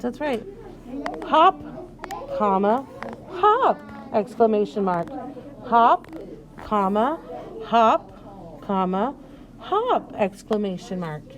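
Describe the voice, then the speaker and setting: Woman teacher, high and unhurried, sing-song coaching of young readers, children heard behind. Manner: patient, sing-song coaching, sounding out words slowly. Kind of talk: early reading lesson.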